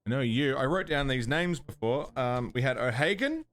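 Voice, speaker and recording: A man's voice: mid-range voice, animated, moderate pace, a bit bright. A man thinking aloud as he streams a puzzle game, muttering and counting under his breath. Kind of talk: casual gameplay commentary. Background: game music.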